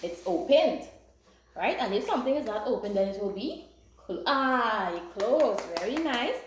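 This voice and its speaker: A woman's voice: on the high side, lively intonation, normal speed, a little hiss or hum. A woman primary school teacher giving a classroom lesson in an encouraging, sing-song way, with lots of praise. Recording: echoey room.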